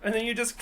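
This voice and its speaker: Blunt, animated woman streamer. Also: lowish voice, heavy background noise. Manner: blunt, profane, animated and laughing. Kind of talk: casual live-stream commentary.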